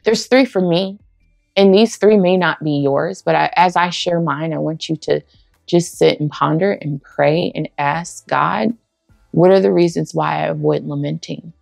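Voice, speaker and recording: Gravelly, heartfelt woman preacher, soft music behind. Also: sits low, measured pace, no echo, clean studio sound. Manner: heartfelt, conversational, acts out dialogue. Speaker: women's ministry speaker. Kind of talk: personal testimony sermon.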